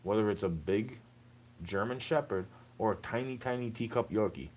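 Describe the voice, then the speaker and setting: A man's voice: lowish voice, normal speed, darkish tone, slight background noise, rough recording. A young man talking straight to the listener in a rambling, aggrieved monologue, tossing in "bro" again and again. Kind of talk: unscripted monologue rant.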